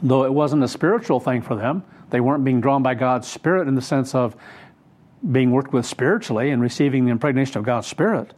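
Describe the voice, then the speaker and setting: Male pastor, mid-pitched voice, unhurried and emphatic sermon delivery. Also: darkish tone. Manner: unhurried, emphatic storytelling with many fillers. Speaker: preacher.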